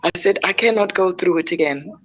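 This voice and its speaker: An older woman, a guest telling a personal story in a measured, heartfelt way with frequent pauses. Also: fairly low pitch, fairly bright tone, lo-fi sound. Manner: measured, heartfelt, pausing often.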